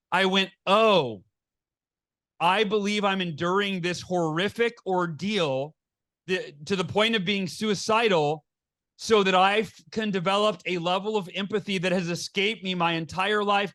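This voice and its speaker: A middle-aged man speaks as a podcast guest in a high, bright voice. He tells his story with earnest energy, often restarting his sentences and acting out the dialogue he quotes. The sound is a close podcast mic. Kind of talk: candid storytelling in an interview.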